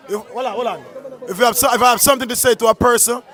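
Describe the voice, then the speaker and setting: A man's voice: very high voice, fairly even intonation, racing, fairly bright tone, some chatter behind. A man insisting on his point in a street argument at an outdoor dance. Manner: insistent, speaks his mind.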